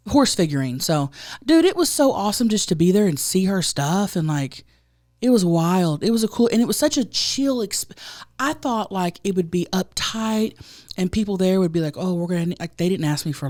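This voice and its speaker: A loud woman in her thirties with a slightly low voice, telling a story in casual podcast chat. She drops into quick impressions of the people she quotes. The sound is dry and close, with no room around it. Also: dry recording. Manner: storytelling, quoting others in put-on voices. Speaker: podcast co-host.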